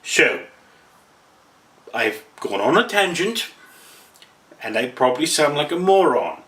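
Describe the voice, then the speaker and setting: Rambling self-deprecating man, bright voice. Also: fairly high pitch, sing-song, normal speed, reverberant, recorded from a distance. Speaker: vlogger. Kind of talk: casual monologue to camera.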